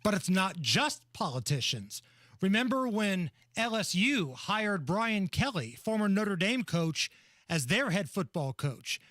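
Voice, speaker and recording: A man's voice: sits high, sing-song, unhurried, a bit bright, no room sound, studio quality. A man hosting a talk radio show, brash, mocking and blunt. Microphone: studio microphone.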